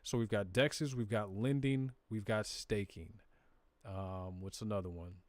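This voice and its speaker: A man's voice: on the low side, steady tone, measured pace, no room sound. A man with a Southern US accent hosting a live crypto stream, walking viewers casually through charts and data in plain, slangy talk. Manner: conversational, talks to viewers directly, slips into slang. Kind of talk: casual screen-share walkthrough.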